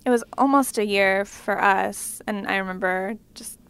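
A woman's voice: medium pitch, normal speed, a bit bright, clean tone. A woman in a casual group conversation, speaking as a supportive listener.

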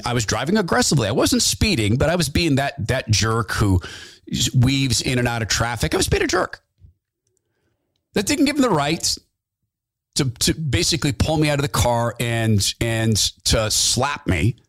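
Animated folksy man telling stories. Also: medium pitch, no echo, clean studio sound. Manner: folksy, animated storyteller acting out quotes. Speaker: radio host. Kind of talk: storytelling talk radio monologue.

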